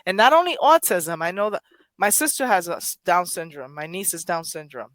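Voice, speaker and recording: A woman hosting a poetry podcast chats casually but emotionally, rambling with frequent restarts and self-corrections. Her voice is lowish, animated and brisk, fairly bright, with no room sound.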